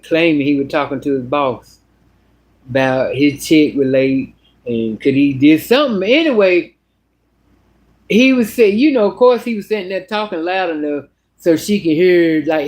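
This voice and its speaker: A woman's voice: low-pitched, normal speed. A woman telling a story in a casual vlog monologue, blunt and full of cussing. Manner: blunt, profane, animated. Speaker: vlogger.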